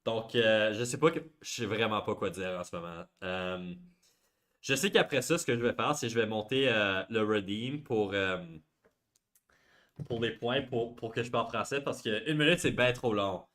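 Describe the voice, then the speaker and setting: A man's voice: fairly low pitch, moderate pace, fairly bright tone. Man, Québécois accent, rambling livestream chat, self-mocking, switches French and English. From Quebec, Canada. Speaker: livestreaming artist.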